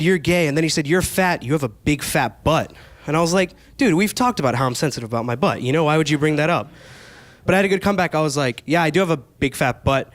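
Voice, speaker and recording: Young man, stand-up comedian, higher-pitched voice, animated storytelling, club stage mic. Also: no room sound. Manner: animated storytelling with quoted exchanges.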